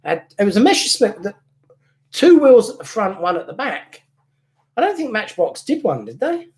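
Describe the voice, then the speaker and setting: A man's voice: high-pitched, very animated, normal speed. A middle-aged man hosting a casual live stream about model cars, joking and chuckling at himself. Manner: joking, chuckling, self-deprecating. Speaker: host of a model-car channel.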